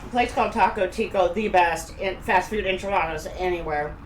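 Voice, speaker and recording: A middle-aged woman from Kansas, USA, speaks in a lowish voice at a fairly quick pace, rambling and chatting casually as she live-streams from a room at home and talks while eating. The room sounds echoey, with faint background noise.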